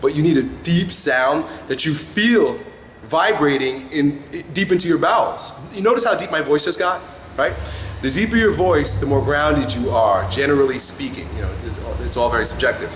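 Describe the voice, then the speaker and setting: Brash male self-help vlogger, mid-pitched, swears freely; roomy echo, light background hiss. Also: expressive, moderate pace. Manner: blunt, profane, keeps asking "right?". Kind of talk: casual coaching monologue. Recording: echoey room with faint noise.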